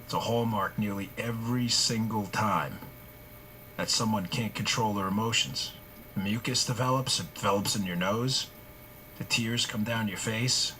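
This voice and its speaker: A man's voice: on the low side, steady tone, normal speed, sharp tone, a little hiss or hum. A male talk show host in his forties delivering a heated political monologue, hammering points with repeated rhetorical questions.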